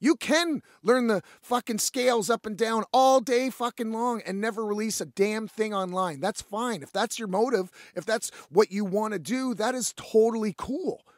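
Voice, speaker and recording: A man's voice: high-pitched, normal speed, few pauses, no echo, studio quality. A man hosting a podcast, telling a story in casual, profane talk and acting out the other people's lines. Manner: profane, animated, acts out quoted voices. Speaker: podcast host.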